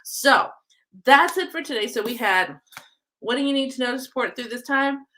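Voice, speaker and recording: A woman's voice: sits high, normal speed, pushed and bright, slight background noise. A woman doing a live-streamed oracle card reading, chatty, affectionate and upbeat, her nose stuffy from a cold.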